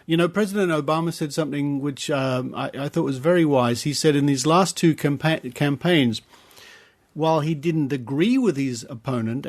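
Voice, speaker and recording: Australian man, podcast host, chatty, rambling, casual. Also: medium pitch.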